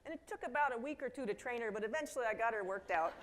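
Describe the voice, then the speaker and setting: A middle-aged woman giving a conference keynote talk in a lively storytelling manner, slipping into quoted voices and asides to the audience. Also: fairly high pitch, racing, a little hiss or hum. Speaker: keynote speaker. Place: conference hall.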